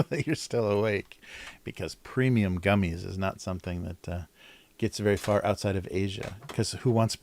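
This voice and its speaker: A man's voice: on the low side, darkish tone, no room sound. A middle-aged man chatting casually on a livestream while drawing, rambling, cutting himself off and laughing often. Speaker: cartoonist livestreamer.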